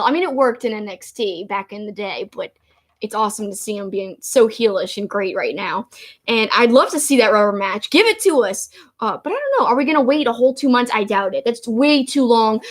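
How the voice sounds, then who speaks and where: A woman co-hosting a wrestling podcast, chatting in an enthusiastic, casual way as she recaps a show. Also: a little high. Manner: enthusiastic, chatty, quotes promos in put-on voices.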